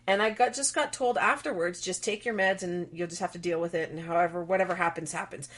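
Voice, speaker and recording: A middle-aged woman, a guest on an interview, who tells lively stories and acts out the dialogue she quotes. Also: lowish voice, fast. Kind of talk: conversational interview.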